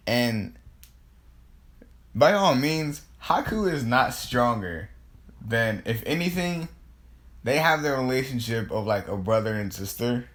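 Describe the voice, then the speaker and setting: A man casually retelling a fan story, rambling, with many restarts and casual swearing. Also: mid-range voice. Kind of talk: improvised fan-fiction retelling.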